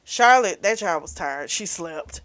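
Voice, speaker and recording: Woman gabbing thru a book recap, lots of "you know", kinda low voice, dry no-room sound. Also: lively intonation, a little slow, fairly bright tone, no echo. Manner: chatty, full of "like" and "you know". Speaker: book club host. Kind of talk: casual book review retelling.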